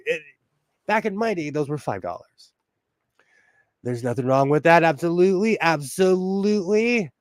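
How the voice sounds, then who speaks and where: A man's voice: fairly high pitch, no echo, clean studio sound. A man hosting a casual sewing livestream from home, bubbly and laughing often as he greets viewers. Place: at home indoors.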